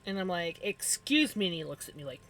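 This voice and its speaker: A woman streamer chatting casually while crafting, talking to her cats and telling animated stories about them. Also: lowish voice, racing, poor audio. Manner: animated storytelling with playful voiced asides.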